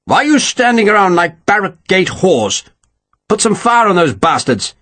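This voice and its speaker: A man's voice: medium pitch, sing-song, a little fast, husky. A man voicing a foul-mouthed, irate older general who barks scornful orders in an audiobook. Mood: angry scornful. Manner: scornful, swearing, barking.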